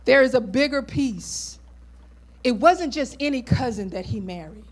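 Brief: woman pastor, high voice, conversational sermon with asides to the congregation. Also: lively intonation, measured pace.

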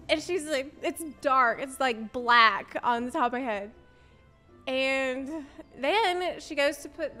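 Woman streamer with a high voice telling a story, animated, keeps laughing and doing the quotes. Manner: animated, laughs often, acts out quoted dialogue. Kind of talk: casual storytelling chat.

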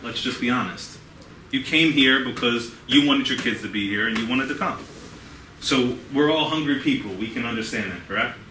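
A man's voice: mid-range voice, moderate pace, pushed and bright. A man giving an earnest, conversational talk to a class, often checking in with his listeners. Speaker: guest speaker. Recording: echoey room from a distance, faint hiss.

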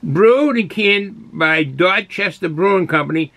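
A man with a high, bright voice talks through a beer review in a loose, rambling way. He stops and restarts often and corrects himself mid-sentence. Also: expressive, measured pace. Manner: rambling, self-correcting, chatty. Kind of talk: casual solo review.

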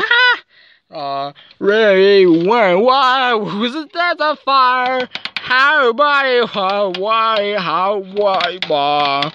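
Woman playing with toys out loud, slow talk, voice jumps up squeaky all the time. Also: sing-song, dull audio, a little hiss or hum. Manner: acts out toy characters with sudden squeaky jumps in pitch. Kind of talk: playing out a toy scene aloud.

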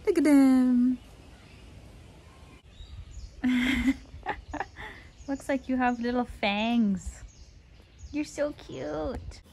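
A woman's voice: high-pitched, steady tone, very slow, creaky, long pauses, dark tone. A woman vlogging casually at an outdoor wildlife park, chatting and talking sing-song to the animals. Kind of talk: casual vlog chat. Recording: outdoor ambience with animal noise.

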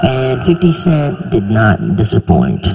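A man in his twenties performing a stand-up comedy routine, animated and incredulous, sometimes bursting into shouts, on a handheld mic on a theater stage. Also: lowish voice, slow, creaky, background noise. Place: theater stage before a live audience. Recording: reverberant live hall, faint ambience.

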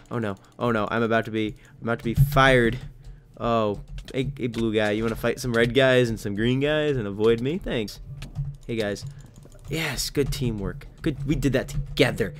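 A young man giving excitable live commentary over his own gameplay, cheering and yelping at what happens on screen. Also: medium pitch, moderate pace, faint music behind. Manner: excitable, yelps and laughs at game events. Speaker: gaming channel host.

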